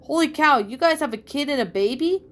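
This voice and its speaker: A woman's voice: high voice, lively intonation, a little fast, voice pushed up. A woman reading the part of a friendly, easygoing man, in a fan fiction reading.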